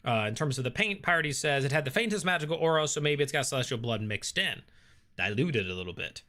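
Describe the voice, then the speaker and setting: A man with a bright, clear voice hosts a relaxed live stream. He reads viewer comments aloud and answers them in an easy, thinking-aloud way, full of ums and uhs. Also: a little high, fast talker. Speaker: host reading live chat. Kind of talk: casual live-stream chat.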